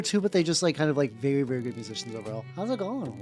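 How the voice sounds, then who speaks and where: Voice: medium pitch, big pitch swings, racing, a little mellow, soft background music. A streamer chatting casually while painting miniatures, rambling, greeting viewers and swearing now and then. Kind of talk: casual livestream chat.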